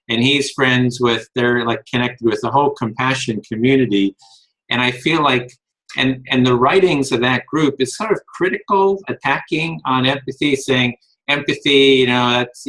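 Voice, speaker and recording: Guy hosting a talk, bright edgy voice, rambles and restarts a lot. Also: medium pitch, poor audio. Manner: rambling, restarts sentences, thinks aloud. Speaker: host of empathy discussion. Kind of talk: casual discussion.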